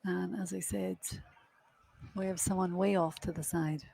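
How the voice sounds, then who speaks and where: A woman's voice: fairly low pitch, steady tone, unhurried, creaky, dark tone, slightly rough. A young woman doing live golf commentary outdoors on a windy course, chatty and self-deprecating.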